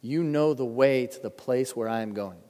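A man's voice: medium pitch, normal speed, warm tone. Preaching man in a reverberant hall. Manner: earnest storytelling preacher, shifts pace for emphasis. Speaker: pastor. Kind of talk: sermon. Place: church sanctuary.

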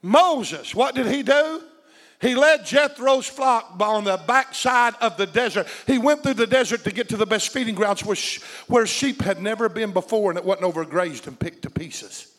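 A man with a strikingly high voice preaches a fiery sermon, swinging between soaring shouts and low confiding asides. He calls out to the congregation for responses. His voice rings through the long reverb of a large church. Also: moderate pace. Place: church sanctuary.

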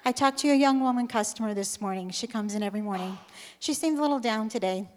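A woman reads her testimony to a church congregation. She sounds nervous and a little hesitant, and her voice sits slightly high. A long hall reverb rings behind every phrase. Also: fast. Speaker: church member giving a testimony. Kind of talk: reading a testimony aloud.

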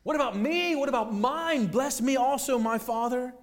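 A man's voice: very high voice, moderate pace, voice pushed up. A man putting on a whiny toddler-like grown man. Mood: whining. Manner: whiny, pleading.

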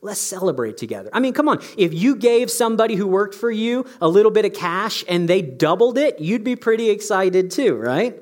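Male pastor, sermon, high voice, very lively pitch, conversational and emphatic. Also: moderate pace, hardly any pauses. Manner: conversational, emphatic, asks the audience questions.

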